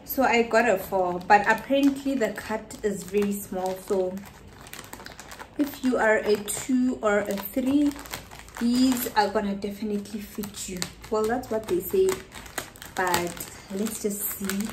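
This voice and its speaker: A woman from South Africa filming a casual haul vlog at home, tired and short of breath, chatty and excitable, sometimes dropping to a whisper. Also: mid-range voice, measured pace, slight background noise. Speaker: vlogger.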